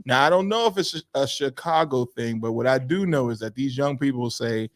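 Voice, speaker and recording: A man from Pittsburgh co-hosting a podcast, animated and opinionated, slipping into mimicked voices. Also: mid-range voice, fairly quick. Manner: animated, acts out quoted voices while ranting. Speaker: podcast co-host. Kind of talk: casual opinion chat.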